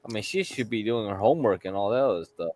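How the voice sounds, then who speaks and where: A man hosting a casual live chat with friends, laid-back and teasing, laughing loudly. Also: fairly low pitch, lively intonation, fast.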